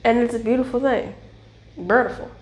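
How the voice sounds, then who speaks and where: Animated tarot lady, talks fast and loose, kinda high voice, roomy echo. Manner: chatty, animated, swears and laughs often. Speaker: tarot reader. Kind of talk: casual tarot reading monologue.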